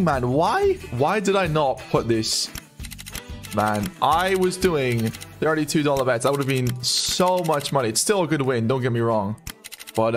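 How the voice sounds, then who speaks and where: Excitable young man calling casino bets. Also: medium pitch. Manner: excitable, shouts and laughs at wins, counts numbers aloud. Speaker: online casino streamer. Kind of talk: live gambling commentary.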